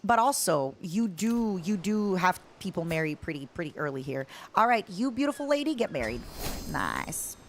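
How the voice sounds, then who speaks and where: Woman game streamer, playful and joking, very expressive pitch. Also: normal speed, slight background noise. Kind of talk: casual gameplay chat.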